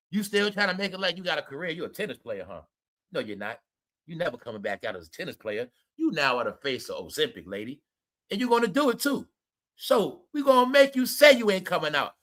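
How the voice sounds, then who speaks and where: A man's voice: high-pitched, sharp tone. A man hosting a commentary video, ranting animatedly at viewers in a profane, conspiratorial way. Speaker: commentary show host.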